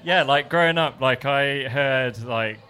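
A man's voice: mid-range voice, unhurried, pushed and bright. An English man, a music producer guest, chatting casually on a live podcast with a rambling, self-mocking manner and frequent laughs. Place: live podcast in a bar venue.

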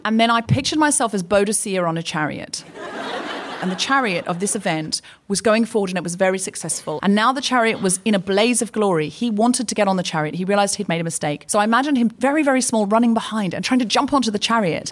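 A woman's voice: fairly high pitch, fast talker. A woman co-hosting a live comedy podcast, telling self-mocking stories onstage with hesitant restarts. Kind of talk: stand-up storytelling before a live audience. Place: arts centre stage. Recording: live stage recording, faint noise.

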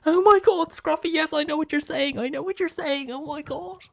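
A shrill, squealing woman who dotes on her pet, as a man puts her on in a comedy sketch. She sits very high and fawns over every word, tipping into frantic pleading. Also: fairly quick, creaky, fairly bright tone, heavily acted. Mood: overjoyed. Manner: fawning, then frantic pleading. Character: gushing excitable woman dog owner.

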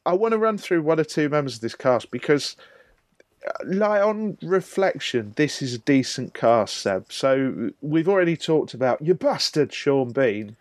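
A man's voice: a little high, big pitch swings, normal speed, darkish tone, no echo. A man hosting a casual film podcast, jokey and incredulous, leaning hard on his points. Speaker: podcast host.

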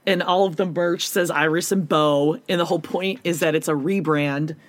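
A woman's voice: low-pitched, steady tone, normal speed, no echo. A woman co-hosting a casual chat show, recapping a reality series with sarcastic, profane commentary and mocking impressions of the cast over a video call. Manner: sarcastic, profane, acts out quotes in exaggerated voices.

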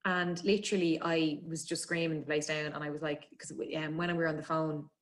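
This Irish woman, speaking as a guest, has a deep voice with little pitch movement. Chatty and emotional, she shares a personal story and is quick to laugh.

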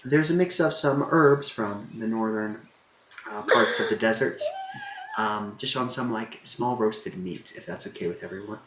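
A man narrating a tabletop game as game master in a relaxed way, full of fillers. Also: fairly low pitch, normal speed, echoey room, noisy background.

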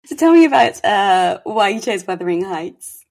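A woman's voice: medium pitch, animated, normal speed, creaky, a little mellow. A woman hosting a casual interview, teasing and encouraging her guest and laughing easily. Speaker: podcast host.

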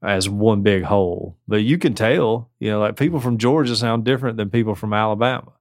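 Southern man, podcast co-host, low and dry, joking and folksy. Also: a little fast, dry recording. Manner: joking, folksy advice-giving. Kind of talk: casual chat.

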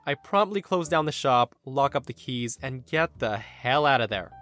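A man hosting a podcast, reading a story aloud in an animated, sardonic way. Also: mid-range voice, moderate pace, soft background music. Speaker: podcast host reading stories. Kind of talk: story narration with quoted voices.

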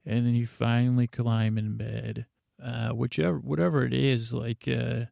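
A man hosting a podcast, telling a meandering, stammering bedtime story in a gravelly voice. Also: mid-range voice, steady tone, moderate pace, dark tone, no echo, clean studio sound. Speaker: podcast host.

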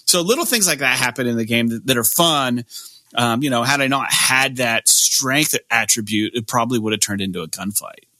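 A man's voice: medium pitch, fairly even intonation, normal speed, sharp tone, no room sound. A man hosting a podcast in casual chat, rambling and cursing freely with lots of fillers. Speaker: podcast host.

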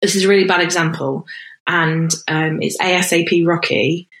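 A woman's voice: on the low side, fairly even intonation, normal speed, a bit bright, roomy sound. A woman with a northern English accent, chatting playfully as a podcast co-host, with a cough. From northern England. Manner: laughing, playful. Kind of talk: casual chat.

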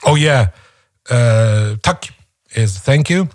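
A man's voice: mid-range voice, expressive, slow, no echo, clean studio sound. A man co-hosting a playful comedic podcast, teasing his partner and hesitating with lots of fillers. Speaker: podcast co-host.

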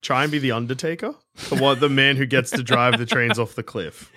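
A man's voice: medium pitch, a little fast, bright, forceful tone, no room sound. A man co-hosting a comedy podcast, cracking jokes and reading the show's sign-off. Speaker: podcast co-host. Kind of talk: casual comedic chat.

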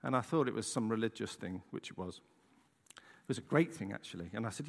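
A man's voice: on the low side, a little fast, creaky. A middle-aged English man preaching, telling a story dramatically and checking in with the listeners as he goes. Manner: animated, dramatic storytelling with frequent "right?" asides. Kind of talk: storytelling sermon. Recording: long hall reverb.

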